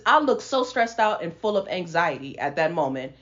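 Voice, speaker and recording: A woman hosting a podcast, telling a personal testimony in animated, casual storytelling that breaks into laughter. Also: medium pitch, moderate pace. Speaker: podcast host. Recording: lo-fi sound.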